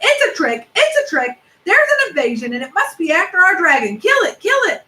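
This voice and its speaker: A woman voicing a furious mob of jungle animals with shrill, angry shouts while reading a storybook aloud. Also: big pitch swings, brisk, heavily acted.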